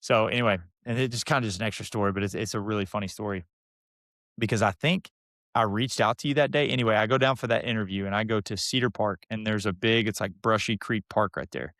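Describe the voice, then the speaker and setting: A man's voice: fairly low pitch, fast, no echo, clean studio sound. A young man telling a long story as a podcast guest, acting out the people in it. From Texas. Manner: animated, mimics the people in his stories. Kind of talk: casual storytelling.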